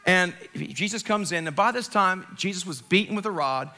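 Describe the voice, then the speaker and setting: A middle-aged male pastor giving a sermon, telling the story in a lively, joking way with dramatic retellings. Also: high-pitched, moderate pace. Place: church sanctuary.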